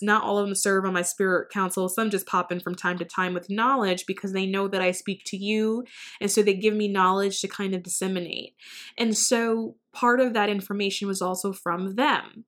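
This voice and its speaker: A woman of middle pitch telling her viewers a story about channeling. She talks in a chatty, animated way, slipping into the voices of the people she quotes. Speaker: spiritual channeler. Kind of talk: casual storytelling to camera.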